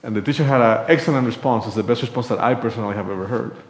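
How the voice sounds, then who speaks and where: A man's voice: medium pitch, racing. A man preaching a sermon in a church, telling a personal story in a conversational way and acting out the dialogue. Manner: conversational, acts out quoted dialogue. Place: church sanctuary. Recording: echoey church room.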